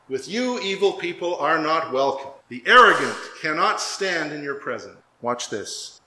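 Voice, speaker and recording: Echoey male pastor preaching, slightly high. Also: sharp tone. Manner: conversational preaching with self-corrections and asides. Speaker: Lutheran pastor. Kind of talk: sermon.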